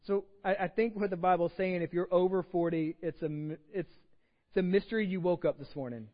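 A man's voice: high voice, a little fast. A man with a Texan accent preaching a casual, conversational sermon and reading scripture aloud. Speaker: pastor. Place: church sanctuary. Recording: dull sound with long hall reverb.

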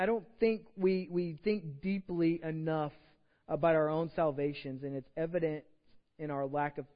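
Texan male pastor, high voice, chatty sermon delivery, dull recording in a reverberant sanctuary. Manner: conversational preaching, reads scripture aloud, repeats words. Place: church sanctuary. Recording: dull sound with long hall reverb.

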